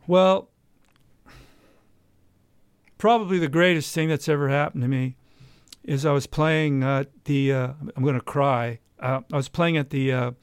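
A man, a jazz guitarist and podcast host from Southern California, telling a long anecdote in a casual interview, with many pauses and quoted dialogue. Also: a little high, steady tone, smooth, no room sound, clean studio sound. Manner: rambling anecdote with many uhs, quoting others.

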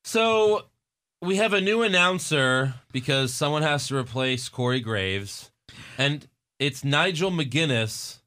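A man's voice: fairly high pitch, expressive, slow, bright, forceful tone. A man from Texas hosting a casual podcast, joking and swearing freely. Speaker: podcast host.

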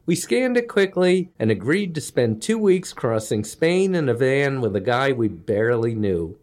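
Brief: male comic storyteller, wry and self-mocking, very expressive intonation, middle pitch. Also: normal speed, faint music behind. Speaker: comedian storyteller. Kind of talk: comedic storytelling monologue.

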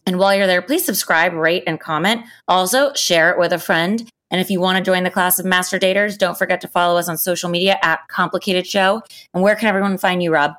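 Smooth-voiced woman hosting a podcast. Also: fairly low pitch, fast, few pauses, fairly bright tone. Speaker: podcast host. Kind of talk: scripted show outro.

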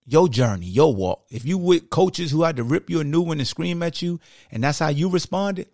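A man with a fairly high, animated, slightly mellow voice hosts a sports podcast at a moderate pace, delivering a casual, emphatic monologue heavy with "like" and "y'all." The recording is dry and studio-clean.

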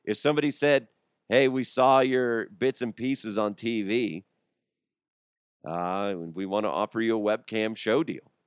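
A man's voice: on the low side, measured pace, clean tone, no room sound, clean studio sound. A young adult man hosting a podcast, riffing and joking in a casual comedic monologue, often laughing and putting on voices. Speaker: podcast host.

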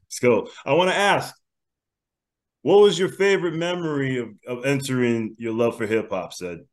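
A man hosting a casual podcast, upbeat and quick to laugh while asking his co-hosts questions. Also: medium pitch. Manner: upbeat, laughs easily, gives shout-outs. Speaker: podcast host.

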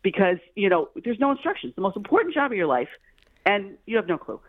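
A middle-aged woman, a fertility doctor, telling personal stories in a casual chat, animated and acting out the voices of the people she quotes. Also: mid-range voice, quick pace, no room sound. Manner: animated, acts out quoted voices, repeats words when excited. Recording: tinny phone line, dry.

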